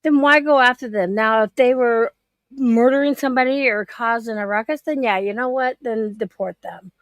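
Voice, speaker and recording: A middle-aged woman chatting casually and spinning stories, laughing easily and dropping the odd swear word. Her voice sits a little high, and the recording is close and dry, with no room around it. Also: normal speed, dry recording. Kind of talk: casual chat, storytelling.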